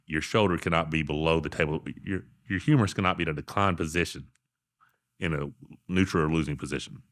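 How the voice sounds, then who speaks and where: A man, telling animated stories as a podcast guest. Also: extremely low pitch, no echo. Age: 40s. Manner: fast animated storytelling. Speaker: podcast guest, arm wrestler. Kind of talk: casual interview storytelling.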